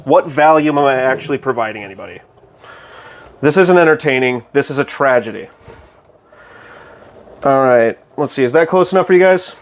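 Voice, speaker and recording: A young man casually chatting with his stream chat while cooking, excitable, goofy and loud. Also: medium pitch, normal speed, long pauses.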